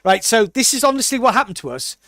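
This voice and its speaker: High-voiced British man telling a story. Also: no echo, studio quality. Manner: animated storyteller, puts on quick voices for people he quotes. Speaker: podcast co-host. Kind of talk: casual podcast chat.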